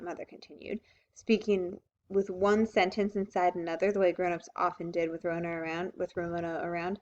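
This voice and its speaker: A woman reading a children's book aloud, with expressive, lively storytelling. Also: lowish voice, fairly quick. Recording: dull lo-fi recording.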